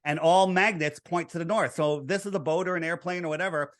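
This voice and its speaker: A man's voice: fairly high pitch, steady tone, fairly quick, a bit bright. A man as an interview guest, explaining his views in an earnest, lecturing way and walking through figures step by step.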